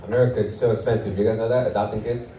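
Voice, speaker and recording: A Portland, Oregon man in his thirties does a live stand-up set on a comedy club stage, wry, offhand and self-deprecating. His voice is fairly low, steady, very fast and dark-toned, caught from a distance in roomy club sound with audience laughter.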